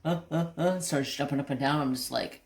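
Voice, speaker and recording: Low-voiced woman telling a rambling story. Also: brisk. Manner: rambling, animated retelling with mild cursing. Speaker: craft channel host. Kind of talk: casual storytelling while crafting.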